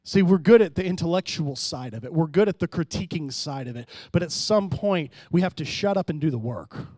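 Man, pastor, sermon, fairly high voice, dry sound, hushed-to-loud preaching, calls to congregation. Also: lively intonation, brisk, no room sound. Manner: preaching with sudden drops to quiet and loud rises, calls to the congregation.

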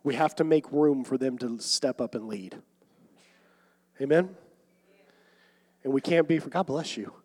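A young man preaching a sermon, swinging between loud emphatic calls and quiet asides. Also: mid-range voice. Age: young adult. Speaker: pastor. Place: church sanctuary. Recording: long hall reverb.

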